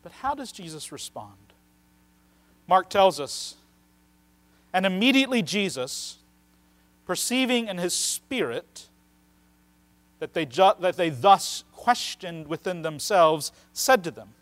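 A man preaching a sermon as pastor, earnest, slowing down to stress key phrases and swinging from loud to soft. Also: high voice, lively intonation. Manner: earnest preaching with slowed emphatic phrases and wide swings in loudness.

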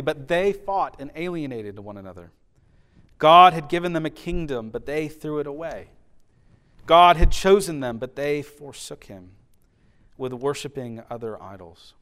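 A man preaching a sermon, swinging from loud declarations down to hushed, soft emphasis, with rhythmic repeated phrases. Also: medium pitch. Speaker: pastor.

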